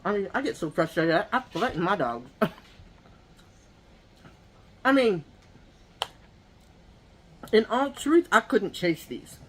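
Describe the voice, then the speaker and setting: Speaking in a mid-range, very animated voice, this mukbang vlogger takes her time and pauses often, with a slight hiss or hum in the background. She eats at home and talks straight to her viewers, spinning meandering, gossipy tales full of tangents.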